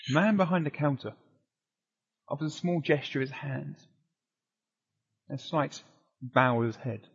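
Husky-voiced man narrating as game master. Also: on the high side, measured pace, muffled recording. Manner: descriptive, with casual asides.

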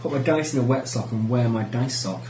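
A man talks casually across a gaming table, rambling into animated anecdotes. His voice sits in a middle pitch. The room around him is roomy, with a faint hiss underneath. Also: a little fast. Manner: chatty, animated storyteller. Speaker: player.

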